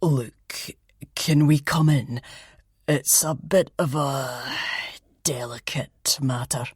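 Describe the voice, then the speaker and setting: A woman voicing an older male police detective who speaks slowly and insistently, with an ominous weight. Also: extremely low pitch, steady tone, a little mellow, breathy edge, no room sound, clean studio sound, exaggerated voice. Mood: grave.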